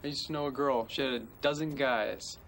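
A man's voice: mid-range voice, a little fast, a bit bright, far from the mic, a little hiss or hum, close to an everyday voice. A man as an offhand movie buddy. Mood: casual.

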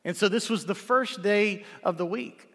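Male pastor, slightly higher voice, conversational sermon delivery, long church reverb. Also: moderate pace, a bit bright. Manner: conversational preaching with rhetorical "right?" checks. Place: church sanctuary.

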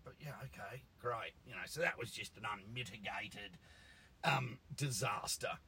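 A man's voice: on the low side, a little slow, pushed and bright, slight background noise, poor audio. A man, a car tuner ranting bluntly and swearing in a casual monologue. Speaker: engine tuner.

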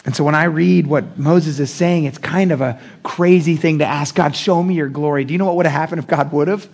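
Man, pastor, sermon, gravelly voice, higher-pitched, animated, playful. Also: fairly quick. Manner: animated, acting out quotes with big pitch jumps; playful, joking with the congregation.

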